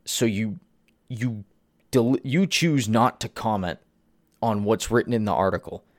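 Male podcast host, low-pitched, exasperated ranting delivery, dry close sound. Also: unhurried, no echo. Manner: ranting, exasperated, swears at target. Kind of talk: solo commentary podcast.

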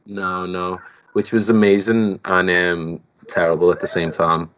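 A young man with a Liverpool accent, a guest musician chatting casually on a podcast in a relaxed, rambling way. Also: deep voice, measured pace, highs cut off, slight background noise. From Liverpool, England.

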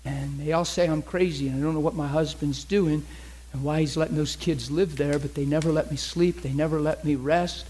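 A middle-aged man preaching a sermon, telling a story with lively quoted voices. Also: a little high, a little fast, few pauses, a little hiss or hum. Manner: animated storyteller who acts out the people he quotes.

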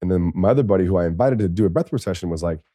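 Deep-voiced American man telling stories. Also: rapid-fire, no echo, clean studio sound. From United States. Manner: lively, swears, acts out quoted speech. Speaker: podcast guest. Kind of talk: casual storytelling.

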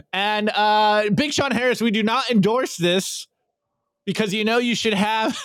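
A man hosting a podcast, reviewing memes in casual, energetic chat and often repeating words as he starts sentences. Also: high-pitched, no room sound, studio quality. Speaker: podcast host.

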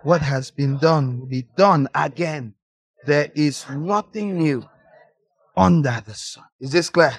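A preacher giving a passionate, scolding sermon, rising now and then into sudden shouted bursts. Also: mid-range voice, slow, husky, no room sound.

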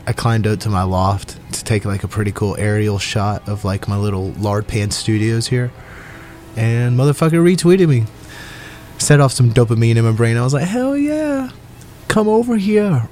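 This solo podcaster is a young man with a lowish, darkish voice. Alone in a small home studio, he rambles through a profane, self-mocking monologue and keeps breaking into laughter at his own lines.

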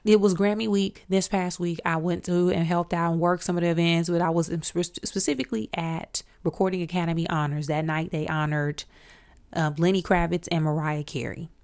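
A woman in her forties from Michigan hosting a podcast, telling stories in an animated, excitable way. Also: fairly low pitch, moderate pace. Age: 40s. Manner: animated, excitable, with bursts of emphasis. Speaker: podcast host. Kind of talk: casual storytelling.

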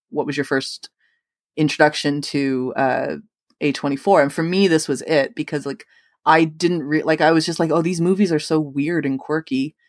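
A woman's voice: low voice, no room sound. Casual woman host, talkative, filler-heavy, dry mic. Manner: chatty, lots of "like" fillers. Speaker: podcast host. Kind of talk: casual chat.

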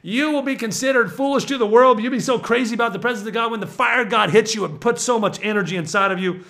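A man preaching with excitable energy, swinging from low murmurs to shouted exhortations. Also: fast talker.

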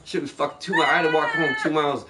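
A man's voice: on the high side, fairly even intonation, very fast, background noise. A man telling a long story in a casual chat, rambling and swearing, acting out the other people's lines as he goes. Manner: rambling, profane, acts out quoted voices.

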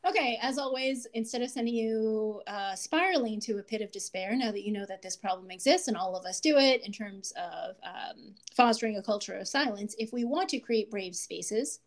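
Woman host, 30s, fairly high voice, animated and laughing, casual chat. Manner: animated, laughs often, acts out voices in quotes. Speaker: podcast host. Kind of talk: casual podcast talk.

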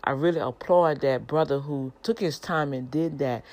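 Middle-aged woman, deep voice, informal animated preacher. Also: moderate pace, few pauses. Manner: conversational, animated, addresses listeners as y'all.

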